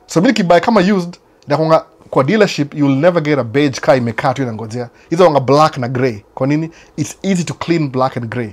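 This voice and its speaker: A man's voice: fairly high pitch, expressive, fast talker. A man from Kenya with a Kenyan accent, hosting a casual chat that answers viewers, mixing Swahili and English and often repeating his phrases. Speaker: host. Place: United States.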